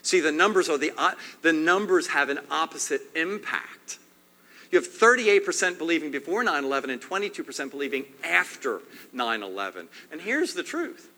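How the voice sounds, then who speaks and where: A man preaching a sermon as pastor, emphatic and repetitive, swinging between loud and hushed. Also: on the high side, big pitch swings, normal speed. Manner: emphatic, swings loud and soft, repeats phrases. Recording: long hall reverb.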